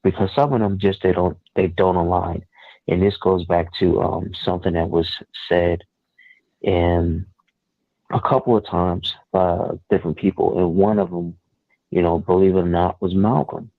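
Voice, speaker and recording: A man calling in as guest co-host, speaking in a measured, halting way with many fillers over a phone line. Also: low-pitched, little pitch movement, dry recording. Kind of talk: call-in sports talk. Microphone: phone call.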